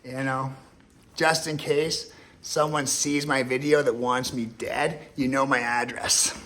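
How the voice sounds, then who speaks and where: A man's voice: medium pitch, level tone, slow, a bit bright. Profane rambling man ranting. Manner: rambling, profane, emotional and repetitive. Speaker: vlogger. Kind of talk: ranting monologue to camera.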